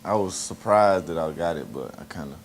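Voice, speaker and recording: A teenage boy with a very deep voice, giving short, laid-back answers as a guest on local TV. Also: brisk, slight background noise. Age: teens. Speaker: student guest.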